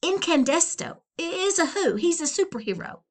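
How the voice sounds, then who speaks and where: A woman voicing an earnest, cynical young girl in a storybook read-aloud, speaking in an intense, deliberate way. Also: very high voice, very animated, pitched above the performer's own voice.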